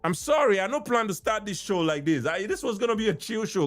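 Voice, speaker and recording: Nigerian guy on his podcast going off, high voice, says stuff twice, bit of music low behind. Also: big pitch swings, brisk, hardly any pauses. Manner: ranting, repeats phrases, mixes in Pidgin. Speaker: podcast host. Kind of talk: impassioned solo commentary.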